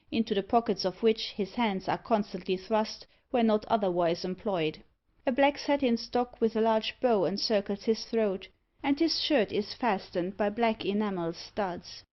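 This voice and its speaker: A woman reading a gothic novel aloud in measured storytelling narration, recorded with a dull lo-fi sound. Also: mid-range voice. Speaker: audiobook narrator. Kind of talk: scripted narration.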